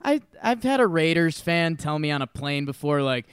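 A young man co-hosting a sports talk show, telling animated stories in casual chat and swearing freely. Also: fairly high pitch, normal speed, few pauses, clean tone, no room sound, clean studio sound. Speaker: sports podcast co-host.

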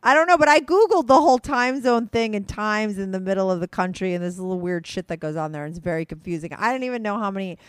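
A woman hosting a podcast, rambling excitedly and laughing easily, feeling hyper and giddy. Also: mid-range voice, quick pace, few pauses, smooth, no echo, studio quality. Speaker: podcast host. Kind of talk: casual podcast chat.

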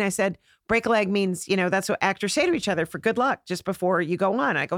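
A woman's voice: mid-range voice, a little fast, a bit bright, no room sound, clean studio sound. A middle-aged woman comedian telling stories on a podcast, acting out the voices of the people she quotes. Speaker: comedian guest. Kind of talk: podcast storytelling chat.

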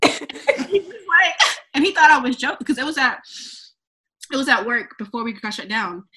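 A young adult woman, a comedian guest on a podcast, telling stories in a casual, animated way, acting out quotes and laughing often. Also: sits high, normal speed. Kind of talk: casual chat.

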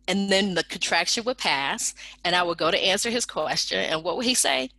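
Bright-voiced woman telling a personal story. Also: on the low side, fairly quick, hardly any pauses, dry recording. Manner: animated, acts out quoted people in raised voices.

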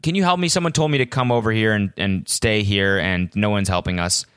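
A man's voice: lowish voice, a little fast, fairly bright tone, smooth, no room sound, clean studio sound, voice pushed down, natural voice. A man quoting a bewildered male shopper who apologetically asks a store worker for help. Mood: apologetic.

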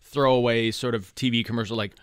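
A man's voice: mid-range voice, steady tone, fast, smooth, dry recording. A man from Canada hosting a radio show, chatting and joking with his guests in the studio. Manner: chatty, jokey interviewer. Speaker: radio host. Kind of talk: casual chat.

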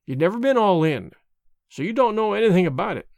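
A man reading a storybook voices a rough male Klondike dog musher with slow, drawling, plain-spoken speech. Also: high voice, very animated, a little mellow, no echo, full character voice.

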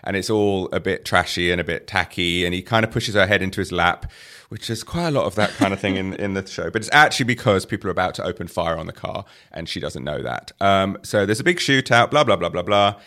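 A man with a low, gravelly voice reviews a film on a relaxed podcast. He retells the story in a wry, mocking way and lands his jokes with a dry edge. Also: fast talker, few pauses. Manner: wry, sarcastic storytelling with punchlines. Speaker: arts editor reviewing films.

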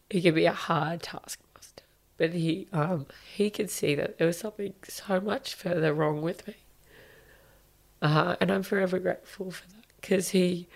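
A woman's voice: deep voice, vocal fry. A woman in her thirties, a podcast guest, talking candidly and with feeling, sometimes swearing and sinking to a whisper. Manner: emotional, confessional, swears and drops to a whisper. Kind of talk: candid interview talk.

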